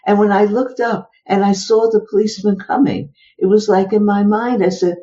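A woman's voice: medium pitch, steady tone, normal speed, mellow, slight background noise. An older woman, a psychologist being interviewed, recounting personal stories with exclamations and rhetorical questions. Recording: dull lo-fi recording.

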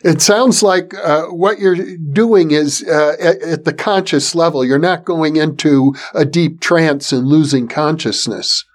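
A man hosting an interview, speaking in a measured way with some hesitant fillers. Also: fairly high pitch. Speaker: interviewer, host. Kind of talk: conversational interview.

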